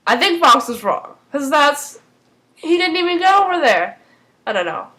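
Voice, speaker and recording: Woman, high voice, casual fan recap, rambling, full of fillers and restarts, animated reactions. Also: normal speed, rough recording. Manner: animated and emotional, swinging between excitement and mock dismay. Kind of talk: casual spoken TV episode recap.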